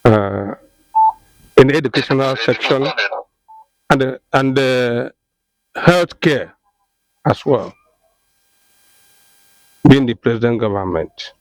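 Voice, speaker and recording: A man's voice: mid-range voice, expressive, takes it slowly, pauses often, no echo, poor audio. A man with a Nigerian accent giving his views on voting in an interview, hesitant with many fillers.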